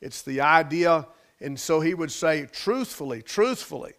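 A pastor delivers his sermon in an unhurried, deliberate way, letting each phrase land before moving on. His voice sits a bit high for a man. He leans on repetition and swells in emphasis, with the odd folksy turn of grammar. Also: animated, a bit bright.

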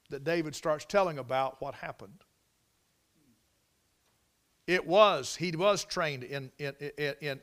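A man preaching a sermon, telling the story dramatically and swinging from loud exclamations to near whispers. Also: on the high side.

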